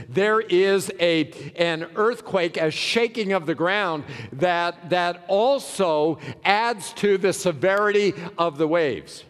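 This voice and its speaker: A man preaching a sermon as a pastor, dramatic, swinging from loud cries to hushed words, in a church sanctuary. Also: sits high. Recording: long hall reverb.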